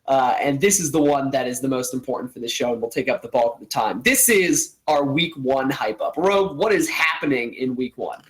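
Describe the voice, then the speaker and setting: A man's voice: medium pitch, a little fast, hardly any pauses, poor audio. Man, show host, casual live-stream talk, upbeat, eager, mid-range voice. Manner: upbeat, eager to hype matchups.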